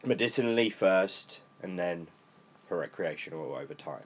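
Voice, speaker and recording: A young British man co-hosting a casual podcast, rambling and swearing freely, his voice worn lower from smoking. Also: expressive, normal speed. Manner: rambling, swears freely, laid-back stoner talk. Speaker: podcast co-host. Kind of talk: casual chat.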